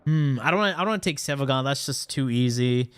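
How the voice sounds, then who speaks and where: A man's voice: medium pitch, quick pace, a bit bright, clear, resonant tone, no room sound. A man streaming a game, cracking crude jokes and rambling with repeated words. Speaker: gaming streamer. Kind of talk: live game commentary.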